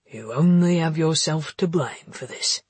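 Husky smug guy, low and teasing, totally unbothered, as a lady narrator puts him on. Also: measured pace, a little mellow, no room sound. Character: cocky teasing adult man, unflappable.

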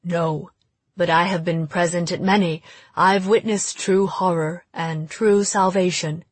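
A woman reading a grave, calm priest. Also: lowish voice, slightly rough, dry recording. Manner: measured, grave, reassuring. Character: calm older male Catholic priest.

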